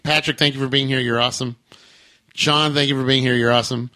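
A podcast host in loose, friendly conversation, a man with a bright, clear tone. He talks in an animated way, often restarting his sentences as he goes. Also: mid-range voice. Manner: chatty, animated, halting restarts. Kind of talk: casual chat.

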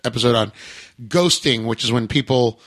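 A man hosting a podcast in casual chat, chatty and animated, with frequent halting restarts. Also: medium pitch. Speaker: podcast host.

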